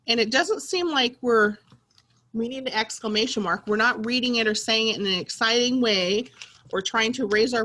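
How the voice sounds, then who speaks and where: A woman teacher with a husky voice, reading slowly and in a sing-song way with young children. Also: mid-range voice, a bit bright. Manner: slow, sing-song, encouraging teacher talk.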